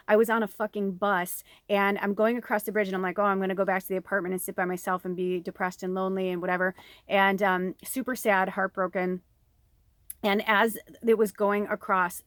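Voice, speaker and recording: A woman's voice: medium pitch, no room sound, studio quality. A woman in her forties, a tarot reader from Chicago, rambling emotionally through a personal story with plenty of swearing, recorded inside an RV. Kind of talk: casual storytelling to viewers.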